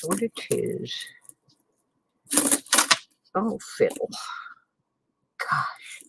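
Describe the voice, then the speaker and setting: A woman's voice: a bass voice, very animated, takes it slowly, gravelly, long pauses, heavy background noise. A sleepless woman rambling in a folksy way as she sorts coins in her living room late at night, sighing and muttering little exclamations. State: tired and sleepless. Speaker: coin roll hunting vlogger. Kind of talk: late-night casual chat while searching coins.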